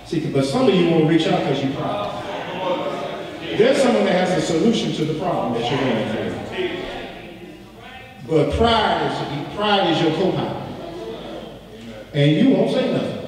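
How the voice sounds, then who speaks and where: Pastor guy preaching hard, high lively voice, big echoey church from far off. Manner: impassioned preaching with dramatic swings from soft to shouting; repeats phrases for emphasis. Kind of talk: sermon. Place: church sanctuary. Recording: echoey church hall, distant mic.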